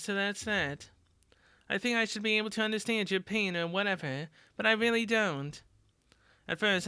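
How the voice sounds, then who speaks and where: A woman voicing a gruff, blunt teenage girl fighter who talks crudely and swears casually. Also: mid-range voice, bright, forceful tone, dry recording, studio quality, lightly acted.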